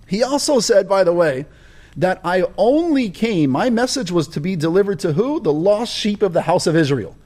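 Telling his own story during an interview, this man speaks with a high-pitched, a little mellow voice that's very animated, at a normal pace. He's emphatic, hitting key words in a preaching rhythm.

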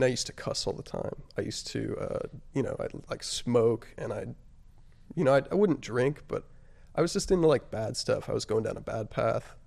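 Speaking as an interview guest, a man tells his own story casually in a gravelly voice with a fry edge, pitched in an ordinary middle range. His delivery is halting and reflective, full of "like" and "you know," and he grows softer at the heavier moments.

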